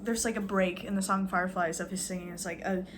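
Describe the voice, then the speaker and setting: A woman's voice: on the low side, steady tone, quick pace, slight background noise. A woman vlogging a casual, rambling rant, sarcastic and full of fillers, swearing now and then.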